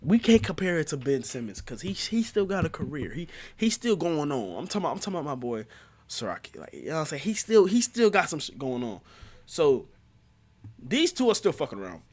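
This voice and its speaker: Lively, slangy young man reviewing manga. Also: fairly high pitch, brisk. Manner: excitable, slangy, laughs often, recaps plot in bursts. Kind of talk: casual manga review vlog.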